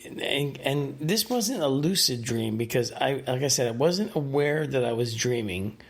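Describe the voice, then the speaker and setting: Man, solo podcast host, mid-pitched, casual and rambling, lots of ums and restarts. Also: expressive, a little slow. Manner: rambling, hesitant, many fillers and restarts.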